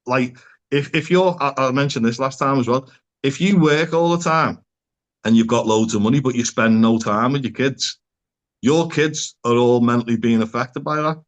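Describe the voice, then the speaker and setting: A man's voice: medium pitch, normal speed. A man who is a psychotherapist, talking as a podcast guest in an earnest, conversational way and often posing rhetorical questions.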